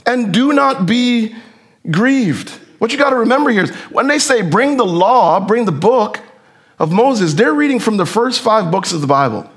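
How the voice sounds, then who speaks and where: Guy preaching a sermon, real high voice, fired up, asks the crowd question after question, gets loud then drops quiet. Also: big pitch swings, moderate pace. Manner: fervent, rhetorical questions, swings from hushed to shouting.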